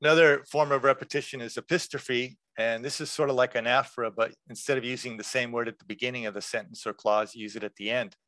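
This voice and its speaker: A man presenting a workshop lecture in a relaxed, conversational way, explaining terms with examples. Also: mid-range voice, quick pace, hardly any pauses, no room sound.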